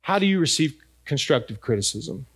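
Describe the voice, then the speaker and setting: A man's voice: fairly high pitch, big pitch swings, a little fast, slightly rough. A middle-aged man preaching a sermon in a conversational way, asking his congregation questions. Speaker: pastor.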